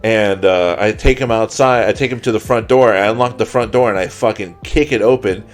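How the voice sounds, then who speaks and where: Podcast co-host, male, lower voice, loose profane storyteller, faint music behind. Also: fairly quick. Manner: rambling, profane, repeats words while telling a story. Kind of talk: casual storytelling chat.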